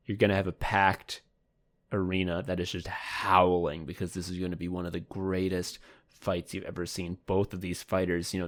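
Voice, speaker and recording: A man co-hosting a comedy podcast, rambling in a mock sports announcer manner. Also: low voice. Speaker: podcast co-host.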